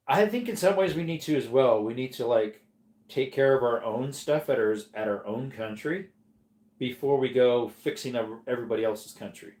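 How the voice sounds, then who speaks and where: A man's voice: medium pitch, darkish tone. A man hosting a casual livestream from home, chatting in a laid-back way and answering viewer comments. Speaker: livestream host reading chat. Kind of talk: casual live-stream chat. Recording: echoey room.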